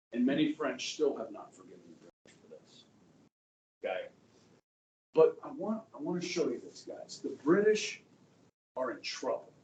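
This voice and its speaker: A man's voice: medium pitch, a little mellow, recorded from a distance, a little hiss or hum. A male history teacher lecturing a class in a casual, conversational way, often checking in with "okay" and "guys". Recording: echoey classroom, voice from afar.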